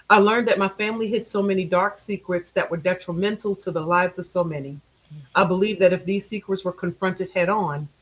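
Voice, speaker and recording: A man acting as facilitator and host, speaking in slow, deliberate, reflective phrasing. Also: high-pitched, fairly bright tone. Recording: dull, muffled audio.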